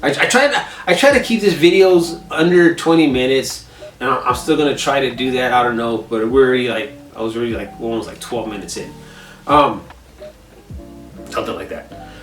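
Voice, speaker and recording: A man's voice: mid-range voice, a little fast, far from the mic. Casual vlog host, male, chatty and rambling, mic set back in a roomy space, faint guitar underneath. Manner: rambling, animated retelling with lots of "I was like". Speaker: gaming channel host. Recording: echoey room, set back from the mic, soft guitar music.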